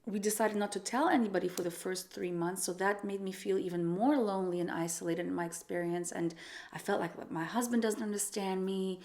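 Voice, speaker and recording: A young pregnant woman talks straight to camera in a casual, earnest vlog, working through a numbered list. Her voice sits at a medium pitch, and she speaks openly and warmly about personal matters, in an open, chatty manner. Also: fairly even intonation, a little fast. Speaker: vlogger, singer-songwriter.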